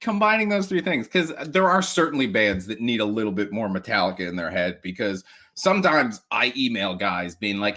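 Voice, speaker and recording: Man, podcast guest, casual chat, bright forceful tone, laughs a lot, restarts sentences. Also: on the low side, lively intonation, brisk, hardly any pauses. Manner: rambling with many restarts, laughs often; acts out quoted people in mock voices.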